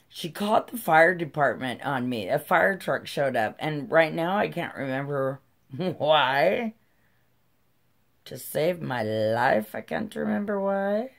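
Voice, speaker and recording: Middle-aged woman, vlog storyteller, unhurried delivery, salty language. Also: a bass voice, creaky. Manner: profane, heated, conversational. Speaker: channel host telling a personal story.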